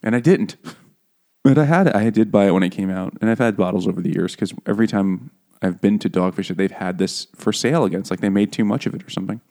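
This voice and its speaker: A low-pitched man riffing loosely on a podcast, cracking crude jokes and wandering off mid-sentence. His talk is casual and profane, full of restarts and asides. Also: quick pace, dark tone. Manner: rambling, joking, profane. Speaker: podcast co-host. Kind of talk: casual chat.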